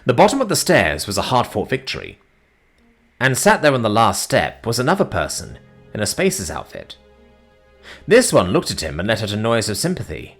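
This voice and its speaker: A man narrating a science fiction story in a dramatic, expressive manner. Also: on the low side, normal speed, husky, soft background music.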